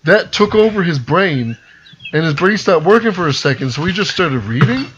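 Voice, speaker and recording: A man, co-hosting a casual podcast chat at home, animated and quick to laugh. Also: fairly high pitch, slight background noise. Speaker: podcast co-host. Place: house, over beers. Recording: dull lo-fi recording.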